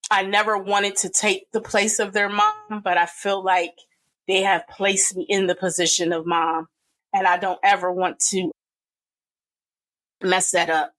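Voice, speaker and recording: A middle-aged woman speaking as a podcast guest, giving an earnest and emotional personal testimony with pauses and fillers. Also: medium pitch, little pitch movement, fairly bright tone, poor audio.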